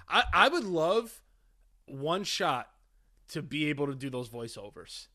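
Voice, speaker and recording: A man's voice: fairly high pitch, sing-song, measured pace, sharp tone. A man co-hosting a podcast, chatting crudely and laughing often. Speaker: podcast co-host. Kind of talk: casual comedic chat.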